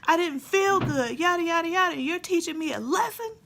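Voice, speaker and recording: A woman voicing her complaining teenage son, ranting in a raised, high voice. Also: a little fast, creaky, fairly bright tone, a little hiss or hum, exaggerated voice. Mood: indignant. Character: whiny upset teenage boy, cold and hungry.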